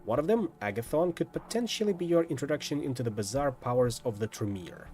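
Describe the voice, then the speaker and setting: Man reading a game aloud, lively voice. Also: mid-range voice, fast, soft background music. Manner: lively, lightly dramatic narration with asides. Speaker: streamer. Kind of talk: reading a visual novel aloud.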